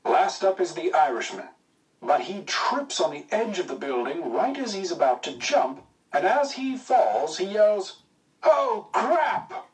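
Man doing a teasing young pilot, brisk dry wit, fairly high voice, mic set back. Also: big pitch swings, far from the mic, rough recording. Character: cheerful young Englishman, wartime pilot, joking. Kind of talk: audiobook character voice.

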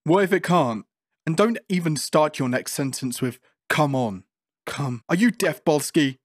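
A man's voice: fairly high pitch, animated, measured pace, dry recording, studio quality. A man voicing a frightened, foul-mouthed male prisoner test subject who curses and pleads. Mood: bitter.

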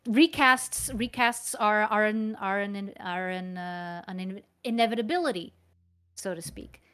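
A woman's voice: medium pitch, unhurried, fairly bright tone, clean tone. A woman talking casually as a guest about dubbing work, often stopping to restart and repeat her phrases. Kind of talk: casual conversation.

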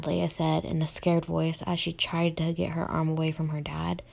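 A woman's voice: low voice, monotone, normal speed, creaky, hardly any pauses, a little mellow. A young woman reading her own story aloud on a podcast, plainly and with small slips and restarts.

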